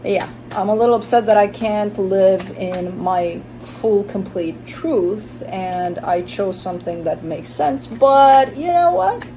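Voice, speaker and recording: A woman talks through a tarot spread in a loose, chatty way, blunt and unafraid to swear. Her voice is warm and mellow rather than bright. A faint hiss sits under the recording. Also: medium pitch, takes it slowly, rough recording. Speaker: tarot reader. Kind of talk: casual tarot reading monologue.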